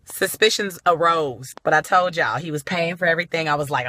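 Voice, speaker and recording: Profane storyteller woman, big exclamations, bright edgy tone, phone mic. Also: on the low side, fairly quick, hardly any pauses, slight background noise. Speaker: vlogger. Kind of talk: comic storytelling to followers.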